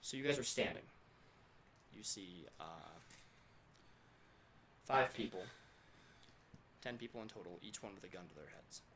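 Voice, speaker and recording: Man, game master, low voice, lively scene narration, echoey room, background noise. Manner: quick, vivid scene-setting narration.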